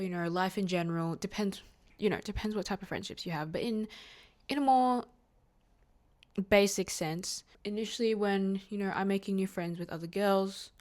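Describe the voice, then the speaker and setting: A young woman, nineteen, speaks on her solo podcast in a slightly lower voice. She rambles warmly, circling back with fillers and restarts, open and heartfelt. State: near tears at moments, emotional. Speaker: podcast host. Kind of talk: casual solo podcast monologue.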